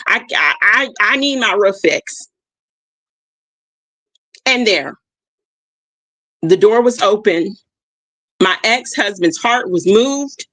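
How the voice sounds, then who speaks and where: A woman's voice: mid-range voice, expressive, slow pace, long pauses, no room sound. Emphatic woman host, dry close sound. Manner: emphatic, repeats key phrases, checks in with "okay?"; addresses listeners warmly as "y'all". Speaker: livestream host. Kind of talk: motivational reflection talk. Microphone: streaming mic.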